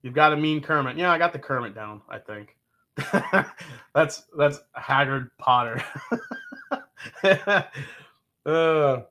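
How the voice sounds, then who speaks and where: Taking it slowly and pausing often, a man with a fairly high, sharp voice hosts a live whiskey-tasting stream. He's jokey and profane, reading the chat's comments out loud.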